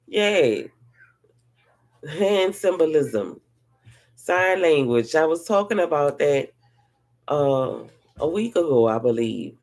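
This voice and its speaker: A woman with a lowish, gravelly voice chats at home with her online audience. She rambles along conversationally and speaks straight to her viewers. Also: a little mellow. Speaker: online talk host. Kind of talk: casual chat to viewers. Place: at home, having her hair done.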